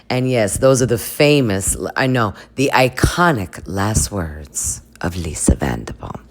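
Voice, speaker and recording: Low-pitched woman host, playful and joking, comedic commentary. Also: lively intonation, unhurried, few pauses.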